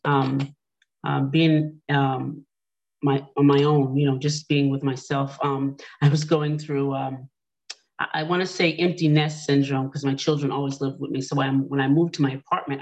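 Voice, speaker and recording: A middle-aged woman hosts an online panel and talks it through in a lively way. She tells her own story and acts out what she was thinking along the way. Her voice sits a bit low. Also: lo-fi sound. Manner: animated storytelling, quotes her own thoughts. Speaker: panel host.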